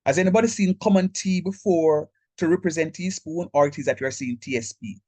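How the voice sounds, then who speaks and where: A man's voice: on the high side, fairly quick, dark tone, no echo. A man with a Jamaican accent teaching an online math class, talking to students in a direct, chatty way over a video call. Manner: direct, chatty, code-switches into local speech. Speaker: lecturer.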